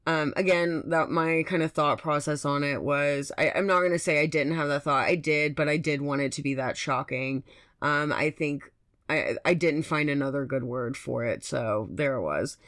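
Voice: mid-range voice, moderate pace, fairly bright tone, no room sound, studio quality. A podcast host in an impassioned, rambling solo monologue, swearing often and restarting sentences.

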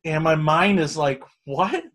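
A man's voice: a little high, fairly even intonation, normal speed. Rambling, cursing storyteller man. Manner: rambling storytelling, swears freely. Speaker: storyteller guest. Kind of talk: casual chat.

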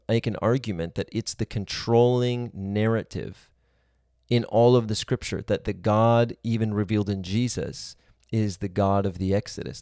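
A man preaching in an earnest, reasoning tone, stacking his points into long spoken lists. His voice sits low and sounds mellow and dark. The sound is dry and close, with no room echo. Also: vocal fry. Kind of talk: sermon-style teaching.

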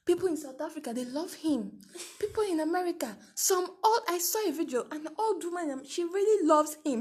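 Animated Nigerian woman, brightly pitched. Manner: animated, laughing, theatrical exclamations. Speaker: podcast co-host. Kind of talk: casual chat.

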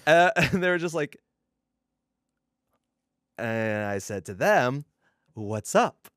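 A man co-hosting a casual podcast, telling animated stories and acting out what people said. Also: medium pitch, slow pace, clear, resonant tone, no echo, clean studio sound. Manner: storytelling, animated, swearing, acting out quotes. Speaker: podcast co-host.

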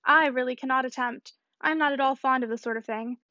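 Pompous, affected society wife, read by a woman, brisk and high, dry slightly dull sound. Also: sharp tone, no echo. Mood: haughty. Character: pompous self-important married woman. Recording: slightly muffled dry recording.

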